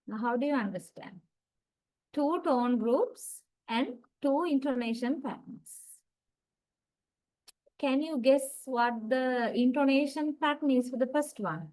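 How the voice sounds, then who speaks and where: A woman lecturer giving an online class, explaining slowly with many fillers. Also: high voice, a little mellow, low-quality recording. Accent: South Asian English.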